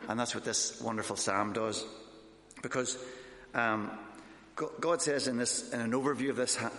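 A man's voice: medium pitch, fairly even intonation, normal speed, a bit bright, slight background noise. A man, a missionary, giving an informal sermon with his own testimony, talking conversationally with fillers and restarts. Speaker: missionary preacher. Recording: echoey hall.

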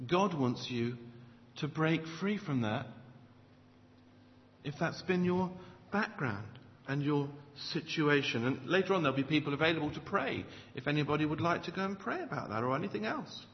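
A man preaches to his congregation with emphatic swings between loud stresses and quiet low asides. His voice sits high and moves a great deal. The recording is dull and lo-fi, with long reverb from the hall. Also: lively intonation, moderate pace, slight background noise. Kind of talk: sermon.

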